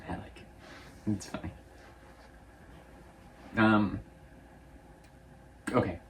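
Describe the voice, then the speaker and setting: Young male reviewer, low voice, offhand rambling recap style. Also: fairly even intonation, a little hiss or hum. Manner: rambling, offhand, quotes characters in quick voices. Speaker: movie reviewer. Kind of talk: casual movie recap.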